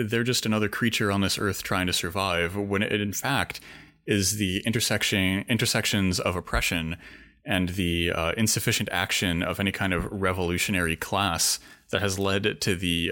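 Guy on a podcast doing fake-academic riffs, kinda low voice, bright edge. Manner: pompous mock-scholarly riffing, many restarts. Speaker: podcast co-host. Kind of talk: mock-academic podcast banter.

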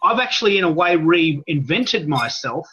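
A man's voice: on the high side, very animated, normal speed, a bit bright, breathy edge, dull audio. A man in his forties with an Australian accent and a nasal voice, chatting upbeat about his podcasting and often restarting his sentences. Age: 40s. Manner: upbeat, self-promoting, stammers on restarts. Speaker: podcaster calling in. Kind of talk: casual chat.

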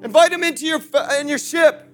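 High-voiced preacher swinging loud to hushed. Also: male voice, brisk, soft background music. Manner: impassioned preaching with sudden shifts from shouting to hushed; playful asides to the congregation. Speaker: pastor. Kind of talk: sermon.

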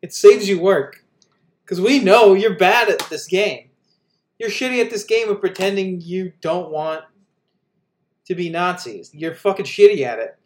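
Podcast co-host, male, high voice, sarcastic and profane in casual political talk. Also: lively intonation, measured pace.

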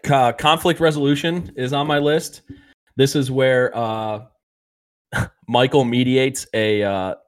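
A man in casual podcast chat, retelling sitcom scenes with frequent chuckles and halting fillers. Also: medium pitch, steady tone, smooth.

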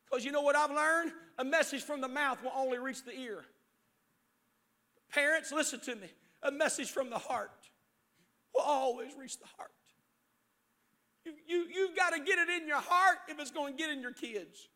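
A middle-aged man preaching as pastor in a church sanctuary swings from loud, shouted appeals to quiet storytelling. His voice is very high, he speaks at normal speed, and he pauses often.

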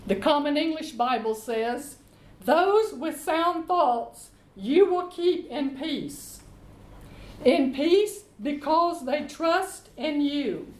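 A woman leading a Bible study, reading scripture aloud and explaining it in a slow, deliberate way. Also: high-pitched, animated, slight background noise. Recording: echoey room.

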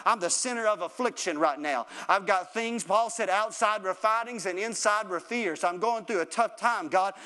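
High-voiced man preaching a sermon. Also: brisk, few pauses, bright, forceful tone. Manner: rhythmic repetition, calls out to the congregation; builds to fervent, raised delivery.

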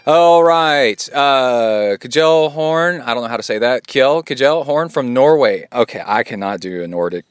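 A man's voice: medium pitch, expressive, a little slow, hardly any pauses, clean tone, dry recording, faint music behind. A man hosting a podcast in a casual, joking, offhand way as he reads listener emails and answers them. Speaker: podcast host.

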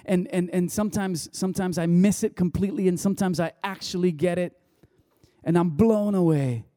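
A man's voice: sits high, brisk, mellow, dry recording, clean studio sound. A man preaching a sermon, telling a personal story in a loose, conversational way with many restarts. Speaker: pastor.

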